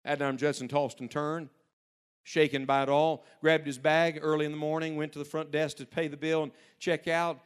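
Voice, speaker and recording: A male pastor preaching a sermon to young people, telling stories and swinging between hushed passages and loud, urgent emphasis. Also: on the high side, flat delivery, fairly quick, clean tone.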